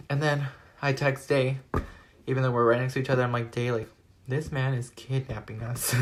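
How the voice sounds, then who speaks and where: A teenage guy recounting a story for his vlog. He rambles along, stacking "like" into almost every phrase as he retells events. His delivery is lively and storytelling-driven. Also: medium pitch. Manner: rambling, animated retelling full of "like". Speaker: vlogger.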